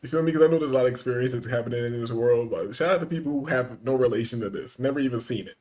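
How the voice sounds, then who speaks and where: A man's voice: mid-range voice, very fast, a little mellow. Man, casual reaction chat, loose slang-heavy delivery, easygoing riffing. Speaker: podcast host reading chat.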